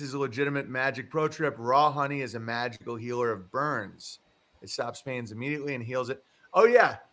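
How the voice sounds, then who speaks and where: In a casual livestream chat, the male host rambles through a story, chuckling and dropping casual swears. His voice sits in the mid range and has a slightly bright quality.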